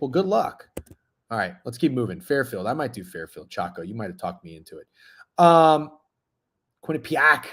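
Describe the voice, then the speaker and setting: A man's voice: on the high side, big pitch swings, normal speed. A man in his thirties hosting a sports betting stream, chatting casually and profanely while reading chat messages. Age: 30s. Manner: profane, rambling, talks with mouth full at times. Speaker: sports betting show host.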